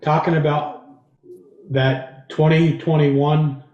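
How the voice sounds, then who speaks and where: A man's voice: a little high, flat delivery, takes it slowly, muffled recording. Folksy man in an echoey room. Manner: folksy, rambling. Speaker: selectboard member. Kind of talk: public meeting discussion.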